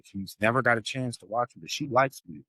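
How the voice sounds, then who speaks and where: A man's voice: medium pitch, expressive, fairly quick, pushed and bright, no room sound. A man in a casual podcast chat, reacting with short agreeing comments and casual swearing.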